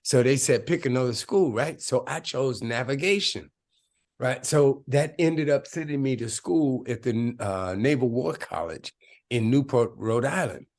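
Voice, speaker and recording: Gravelly older man from telling stories. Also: medium pitch, animated, measured pace, darkish tone. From South Side of Chicago. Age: around 70. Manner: emphatic, streetwise, keeps asking "right?". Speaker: guest, film director. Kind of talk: personal storytelling in an interview.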